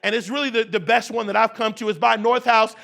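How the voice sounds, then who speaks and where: In a university event hall, a keynote speaker around forty delivers a motivational talk, trading call-and-response lines with the crowd in a repetitive, preacher-like rhythm. His high voice is steady, quick, pushed and bright, with vocal fry.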